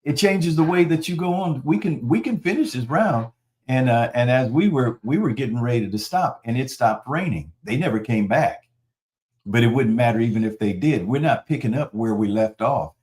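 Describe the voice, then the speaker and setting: A man preaching a sermon in a conversational, animated storytelling manner. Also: mid-range voice, moderate pace. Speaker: pastor.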